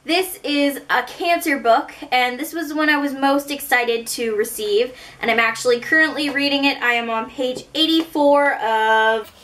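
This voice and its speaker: Canadian woman, book haul vlogger; high, bright voice; chatty, rambling, pokes fun at herself. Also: normal speed, hardly any pauses. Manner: chatty and rambling, with self-mocking asides. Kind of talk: casual book haul chat.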